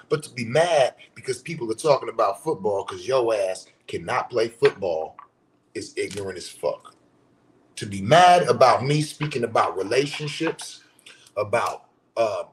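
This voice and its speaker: Blunt, profane man ranting. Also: medium pitch. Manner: blunt, profane, mocking voices of commenters; repetitive, rhetorical questions. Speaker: social media commentator. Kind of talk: casual vlog rant.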